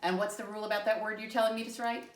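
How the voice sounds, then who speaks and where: A woman's voice: mid-range voice, fairly even intonation, very fast. A woman teaching young children, asking patient, sing-song questions. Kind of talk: classroom lesson for young children. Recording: echoey room, mic far off.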